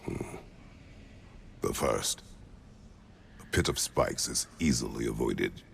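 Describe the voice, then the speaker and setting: A stern warrior god in a video game, curt and solemn. His voice sits extremely deep and rumbles with heavy gravel, under ambient noise. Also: expressive, slow pace, fairly bright tone, heavily acted. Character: stern, terse aging male warrior god.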